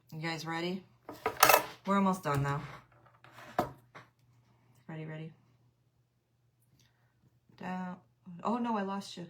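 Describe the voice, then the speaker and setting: A woman hosting a casual craft livestream, chatting with viewers, laughing often and reading out their comments. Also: sits low.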